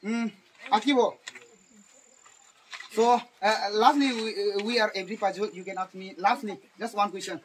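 A man playing a teacher, talking in halting broken English mixed with Hindi and repeating his words. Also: sits high, fairly even intonation, a little hiss or hum. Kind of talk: improvised comedy skit.

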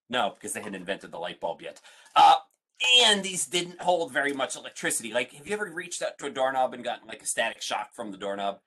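Lively guy doing a kids science class over video, kinda husky, asks lots of questions. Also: medium pitch. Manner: animated, questioning, playful. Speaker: museum science educator. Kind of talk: online family science lesson.

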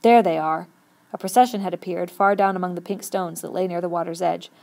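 A woman reading a novel aloud with steady, expressive storytelling. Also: lowish voice, fast talker, creaky. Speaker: audiobook reader.

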